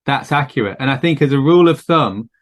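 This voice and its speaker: A man's voice: mid-range voice, animated, quick pace. A man hosting a podcast, chatting casually in a thoughtful, musing way with frequent fillers. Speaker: podcast host. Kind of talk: casual conversation.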